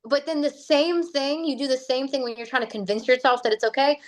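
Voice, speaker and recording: A woman's voice: sits high, steady tone, brisk. A woman who works as a fitness coach talks casually, filling her speech with "like" and "right?" and acting out inner voices as she explains. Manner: chatty, fills speech with "like" and "right?". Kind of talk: casual livestream talk.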